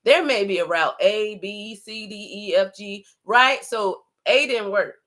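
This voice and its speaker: Woman, livestream host, casual conversational talk, animated, keeps checking in with listeners. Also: mid-range voice, measured pace. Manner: conversational, frequent "right?" and "like"; animated, acts out inner thoughts. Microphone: computer camera setup.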